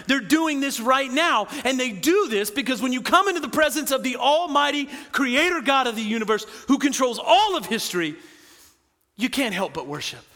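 A man preaches in a high, bright voice, animated and full of quick asides to the congregation. His words ring out with a long reverb in the church sanctuary. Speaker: pastor. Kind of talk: sermon.

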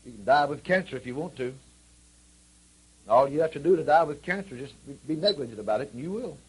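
A man's voice: medium pitch, slightly rough, low-quality recording. A male preacher delivering a sermon with folksy, repetitive storytelling and emphatic lines.

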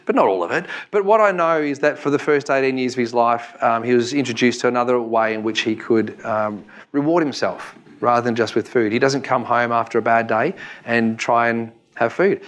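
Australian man, 40s, easygoing seminar presenter, mid-pitched voice. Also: a little fast, a bit bright. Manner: chatty, jokey, asks the audience questions. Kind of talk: live talk to an audience. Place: room with a live audience.

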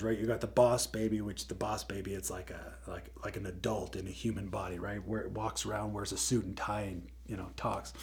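A man giving a casual motivational talk, retelling a film scene as an animated storyteller who laughs often and repeats words. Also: on the low side.

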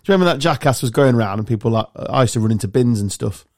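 A man's voice: medium pitch, lively intonation, rapid-fire, no echo, studio quality. A man, hosting a podcast in joking, chatty banter. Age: 30s. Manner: joking, chatty, laughs often. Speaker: podcast host. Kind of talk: casual banter.

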